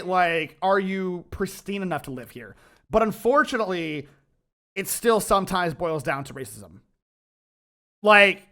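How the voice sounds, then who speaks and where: A man's voice: high voice, sharp tone, smooth. A man streaming his reaction to a video, ranting heatedly and swearing, with bursts of laughter. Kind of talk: casual reaction commentary.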